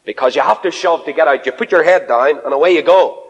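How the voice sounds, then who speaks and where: A man preaching an evangelistic sermon full of personal anecdotes, swinging between loud, high exclamations and low, quiet asides. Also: fast, husky, lo-fi sound. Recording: long hall reverb.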